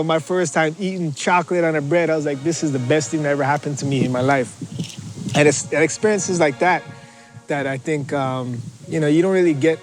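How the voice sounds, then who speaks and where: A man's voice: a little high, rough recording. A man from Scarborough, Canada, speaking in a documentary interview about growing up, with frequent restarts and fillers. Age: adult. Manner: halting, many restarts and fillers. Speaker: interviewee, athlete. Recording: faint music underneath.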